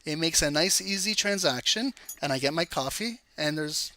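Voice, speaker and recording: Energetic male trading coach, bright and fairly high voice, close dry sound. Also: moderate pace, dry recording. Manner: energetic, chatty, teasing the audience. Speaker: trading educator. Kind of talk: live market analysis walkthrough.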